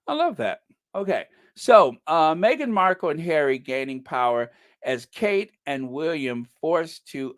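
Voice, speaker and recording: Slow, chuckling male commentator. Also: mid-range voice, a bit bright, clear, resonant tone, no room sound, clean studio sound. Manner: chuckling, incredulous, gossipy. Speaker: commentary channel host. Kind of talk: casual commentary on news and social media posts.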